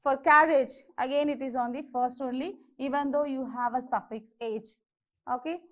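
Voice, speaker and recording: High-pitched lady teaching grammar, says okay a lot, kinda dull lo-fi audio. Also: steady tone, moderate pace, a bit bright. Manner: repeats words and checks in with "okay". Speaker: English teacher. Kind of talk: classroom grammar lesson. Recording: slightly dull lo-fi lesson audio.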